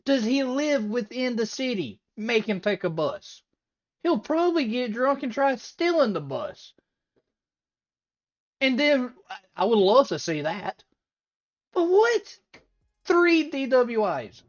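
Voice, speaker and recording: Animated woman reacting with disbelief. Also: on the high side, measured pace, muffled recording. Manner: animated, incredulous, breaks into laughter. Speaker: reaction video host. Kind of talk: casual reaction commentary.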